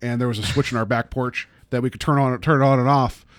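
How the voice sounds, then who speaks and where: A man's voice: medium pitch, fairly even intonation, fast talker, dry recording. A man in his thirties chatting casually on a podcast, telling stories in a wry, self-deprecating way. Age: 30s. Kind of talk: casual chat.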